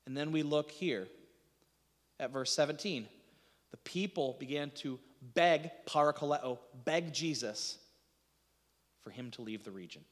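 A man's voice: fairly high pitch, animated, measured pace, pauses often, long reverb tail. A man preaching a sermon as pastor, conversational, restarting phrases and asking the congregation rhetorical questions.

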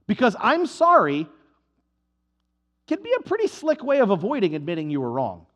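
A male pastor preaching a sermon, animated and humorous, acting out little dialogues as he goes. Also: high voice, normal speed. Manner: animated, acts out dialogues with comic voices.

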